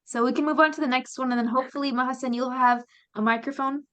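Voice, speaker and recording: A woman's voice: sits high, steady tone, quick pace, fairly bright tone, smooth, lo-fi sound. A woman teaching English conversation practice, explaining patiently with fillers. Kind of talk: classroom instruction.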